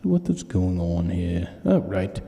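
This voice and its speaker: A man's voice: sits low, sing-song, takes it slowly, gravelly, dark tone, long reverb tail, slight background noise. A man hosting his own live stream from a room at home, rambling and joking at his own expense. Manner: rambling, self-mocking joker. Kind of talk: casual live-stream chat. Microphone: webcam or laptop.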